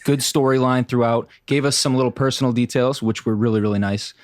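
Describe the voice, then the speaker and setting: A man in a casual chat giving a deliberately formal, measured review. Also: medium pitch, fairly even intonation, dry recording, studio quality.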